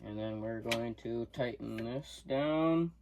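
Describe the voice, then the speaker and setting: Recorded on a camera mic with a little hiss or hum, this young man's mid-range, slightly mellow voice takes things slowly. He's a student showing a workshop task, casually narrating every step as he goes.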